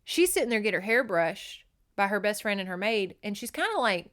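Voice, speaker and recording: Close to a desk microphone, a woman podcast host with a mid-range voice casually recaps a novel. She's animated and laughs often, acting out the characters in quick put-on voices.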